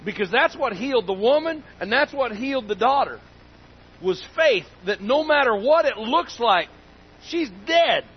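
A man's voice: very high voice, expressive, normal speed, slightly rough, muffled recording. A man preaching a sermon in an emphatic, folksy way, repeating key phrases for weight. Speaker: pastor.

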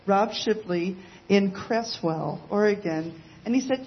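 Lively woman sharing a ministry story. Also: medium pitch, slow, a little hiss or hum. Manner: lively, chiming in and finishing her husband's sentences. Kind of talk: conversational testimony. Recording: slightly dull lo-fi sound.

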